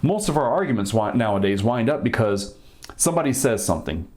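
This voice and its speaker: Animated man recounting police work. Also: mid-range voice, fairly quick. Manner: animated storyteller, acts out quoted people in a raised voice. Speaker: podcast guest, former police officer. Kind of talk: casual chat.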